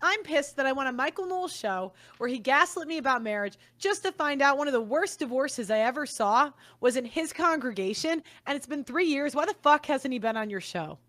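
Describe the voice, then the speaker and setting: Heated, profane woman ranting with a bright voice. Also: high voice, animated, a little fast, few pauses. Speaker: commentator. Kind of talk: angry monologue.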